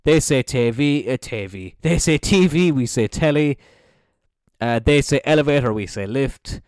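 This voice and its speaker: An Irish man, a young adult, hosting a casual solo podcast in an animated, jokey way with plenty of swearing. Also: mid-range voice, normal speed, clean tone, no echo, studio quality. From Ireland. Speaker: podcast host.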